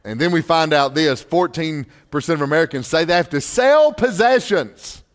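A man's voice: sits high, fairly bright tone, long reverb tail. A man, a pastor preaching a sermon in a church and telling folksy stories. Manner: folksy storytelling with crowd surveys. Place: church sanctuary.

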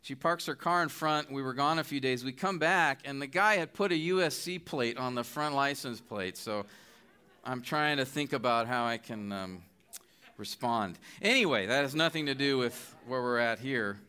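A man's voice: medium pitch, moderate pace, sharp tone, clean tone. A middle-aged man preaching a sermon, earnest and pleading as he makes his appeals. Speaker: guest preacher.

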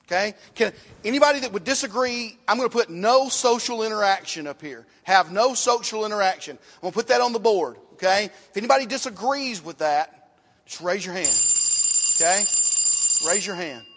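At a moderate pace, an animated man with a high, fairly bright voice teaches a church Bible class. He asks questions, repeats key points, and writes on a board, with long reverb as in a large hall.

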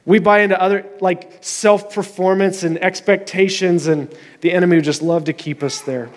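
A man's voice: sits high, fairly even intonation, moderate pace, in a large hall. A man preaching a conversational sermon as pastor, reading scripture aloud with earnest emphasis.

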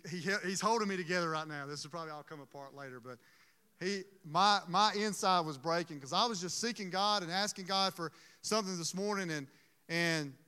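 High bright-voiced guy preaching, earnest and emotional, lots of restarts, echoey hall. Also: smooth. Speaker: pastor. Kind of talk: sermon.

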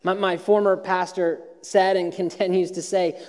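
In a church auditorium with the long reverb of a large hall, a pastor preaches a storytelling sermon in a conversational way, repeating and restarting words often. His high, slightly mellow voice moves at a moderate pace with fairly even intonation and hardly any pauses.

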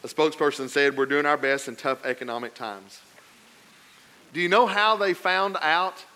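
A man preaching a sermon, telling a story with lively swings between loud emphatic passages and quiet, low asides. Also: normal speed. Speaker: pastor.

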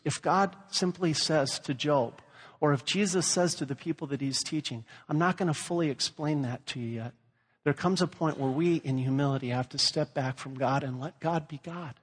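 A man from Louisiana delivers a sermon, his voice sitting a little high for a man. He tells stories and acts out the people he quotes. A long reverb from the hall trails after each phrase. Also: slightly rough. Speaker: pastor.

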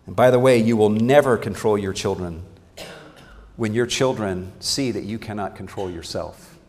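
A man's voice: on the low side, moderate pace, a little mellow. A man teaching a parenting seminar in a sermon style, earnest and emphatic, often restarting his words. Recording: long hall reverb.

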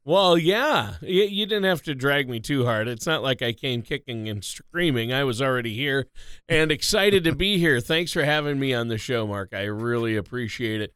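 A man's voice: medium pitch, expressive, moderate pace, fairly bright tone, clean tone, dry recording. A man co-hosting a radio talk show, chatting in an upbeat, joking way. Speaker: guest co-host.

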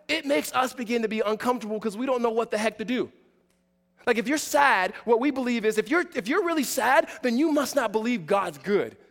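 A man in his forties preaching a sermon in a conversational way, with many fillers and restarts, moving between loud emphasis and quiet asides. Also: a little high, long reverb tail. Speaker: pastor.

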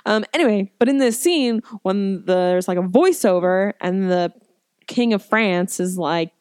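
A woman's voice: mid-range voice, unhurried, a little mellow, clear, resonant tone, dry recording, studio quality. A woman in casual chat, rambling and chatty with lots of fillers, playfully voicing quotes as she retells a story.

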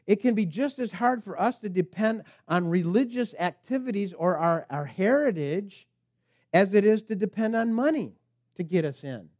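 A man's voice: high-pitched, animated, normal speed, darkish tone, dry recording. A man preaching a sermon as pastor, emphatic and preacherly, at times speaking the tempter's lines.

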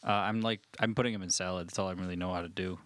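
A young man co-hosting a comedy podcast, teasing his partner with dry, deadpan jabs. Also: low voice, very fast, no room sound. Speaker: podcast co-host. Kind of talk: casual comedic banter.

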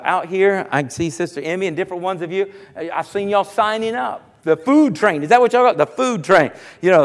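High-voiced pastor preaching in a hall. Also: male voice. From South Carolina. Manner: animated, jokes with the congregation, rises to shouts. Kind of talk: sermon. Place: church sanctuary. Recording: long church hall reverb.

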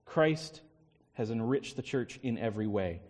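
A man's voice: medium pitch, lively intonation, a little slow, a little mellow. A male pastor preaching a sermon with emphatic repetition and rhetorical questions. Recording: long hall reverb.

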